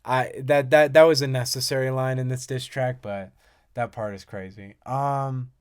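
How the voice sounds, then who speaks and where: A young man giving casual, excitable commentary, often swearing and swinging from loud bursts to quiet mumbles. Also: medium pitch, normal speed, smooth. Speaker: commentator reacting to music. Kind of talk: casual commentary reading lyrics aloud.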